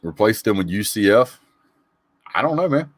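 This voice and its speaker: On a casual live sports call-in show, a man with a lowish, sing-song voice reads the live chat at a moderate pace. He greets viewers by name and chats with plenty of opinions, and the audio has no room sound.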